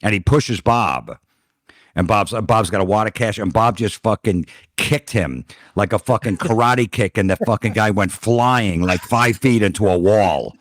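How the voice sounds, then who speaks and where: Deep-voiced man telling stories. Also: measured pace, no room sound, clean studio sound. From New Jersey. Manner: blunt, profane, deadpan anecdotes. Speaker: comedian guest. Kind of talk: casual podcast storytelling.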